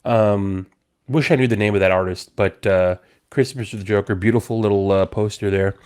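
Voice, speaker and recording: A man's voice: lowish voice, fairly even intonation, fairly quick, darkish tone, clean tone. A man in his thirties, slightly drunk and slurring, rambling with restarts as a casual podcast host. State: tipsy, slurring. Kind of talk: casual chat.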